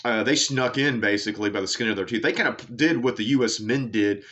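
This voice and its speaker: A man hosts a sports show in a low voice with a bright, forceful edge. He rambles through tangents, full of fillers and casual swearing. The recording sounds dull and lo-fi. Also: fast talker. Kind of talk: casual sports commentary monologue.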